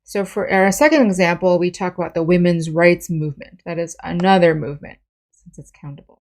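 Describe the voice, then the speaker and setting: A woman's voice: on the low side, a little fast. A woman English teacher giving a patient vocabulary lesson, explaining words step by step with examples.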